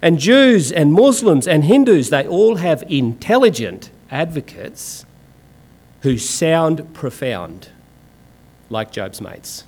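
Aussie guy preaching, slightly high voice, swings up and down a lot, punchy and sarcastic. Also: very animated, slow pace, darkish tone, slightly rough. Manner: emphatic, sarcastic, colloquial. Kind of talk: sermon.

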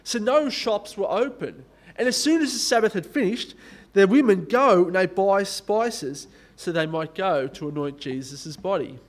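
High-voiced man preaching a sermon. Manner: conversational, lively preaching that slows and drops for solemn points. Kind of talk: sermon with scripture reading.

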